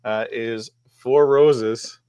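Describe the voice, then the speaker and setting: A man's voice: medium pitch, fairly even intonation, drawn-out words, mellow, smooth, no room sound. Hesitant man, dry close sound. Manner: hesitant, many fillers. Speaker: panelist on a live whiskey and board game show. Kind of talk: casual chat.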